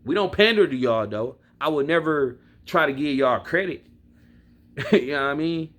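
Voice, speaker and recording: A man's voice: on the high side, animated, normal speed, fairly bright tone. Blunt, profane man venting to camera. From Milwaukee, Wisconsin. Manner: blunt, profane, talks straight to his viewers. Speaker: sports fan vlogger. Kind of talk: casual fan rant to camera.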